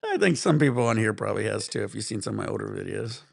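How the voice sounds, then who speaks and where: Stream host, male, gravelly voice, dry close sound, swearing through a road-rage story. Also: on the low side, racing, no echo. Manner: profane, animated ranting. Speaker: livestream host. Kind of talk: casual storytelling to stream chat.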